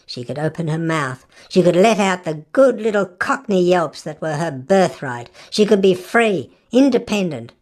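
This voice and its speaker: Low-voiced woman reading a novel aloud. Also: expressive, moderate pace, hardly any pauses, a little mellow. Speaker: audiobook narrator. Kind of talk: literary audiobook narration.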